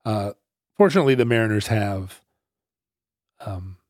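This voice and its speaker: A middle-aged man from the Seattle area telling casual anecdotes, sometimes acting out loud brash characters. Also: on the low side, expressive, normal speed, no room sound, studio quality. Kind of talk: casual storytelling chat.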